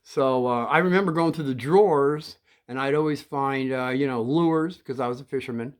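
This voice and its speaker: Older male storyteller, casual and meandering, lots of restarts and throat-clearing. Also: medium pitch. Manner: rambling, halting, many restarts and throat-clearing.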